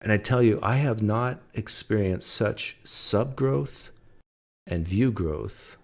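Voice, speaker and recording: A man's voice: lowish voice, slow, gravelly. A man hosting a podcast, talking casually and making sarcastic, wisecracking remarks. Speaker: podcast host. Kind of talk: casual mocking commentary.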